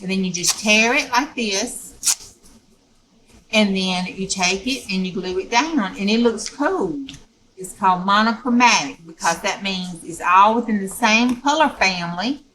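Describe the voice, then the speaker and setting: A woman's voice: medium pitch, lively intonation, a little slow, a bit bright, poor audio. A woman teaching a step-by-step craft tutorial in a folksy, chatty way, often checking in with "okay?".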